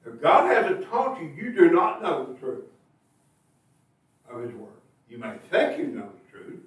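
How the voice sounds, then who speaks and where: A man's voice: on the high side, very animated, a little slow. A man preaching a sermon, asking his listeners rhetorical questions and pressing his points with emphatic bursts. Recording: echoey room, mic at a distance.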